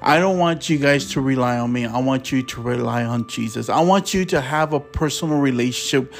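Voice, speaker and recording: A man's voice: mid-range voice, brisk, gravelly, faint music behind. A man hosting a preaching podcast, speaking with passion and stumbling a little when he reads scripture aloud.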